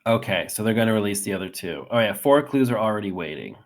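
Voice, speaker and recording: A man's voice: fairly low pitch, lively intonation, fast. Upbeat man hosting a casual call-in show. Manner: rambling, upbeat, reads clues aloud. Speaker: host.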